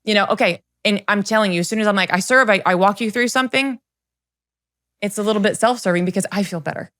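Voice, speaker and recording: A middle-aged confidence coach, her voice medium-pitched and quick, tells personal stories in a podcast interview. Her delivery is earnest and energetic, and she acts out people's words as she quotes them.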